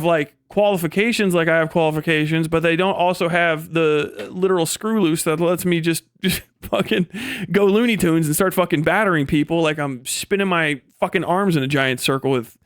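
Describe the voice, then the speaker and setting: A young man rants on his livestream with a high-pitched, animated voice. He swears freely, mocks people and laughs often. The sound is dry and close to the mic. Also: clean tone, no room sound. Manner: profane, mocking, laughs often, jumps into silly mimicking voices. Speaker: livestream host. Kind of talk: casual ranting monologue.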